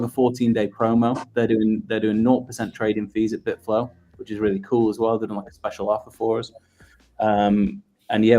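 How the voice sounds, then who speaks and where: A man, a guest on a casual audio chat, talking in a relaxed way with many fillers. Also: on the low side. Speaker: guest from a project team.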